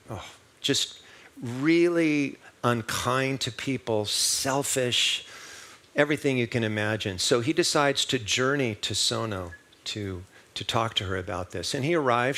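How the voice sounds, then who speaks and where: A man's voice: medium pitch, fairly bright tone. A man giving a sermon at a church service, telling a story in a conversational way and putting rhetorical questions to the congregation. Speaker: minister.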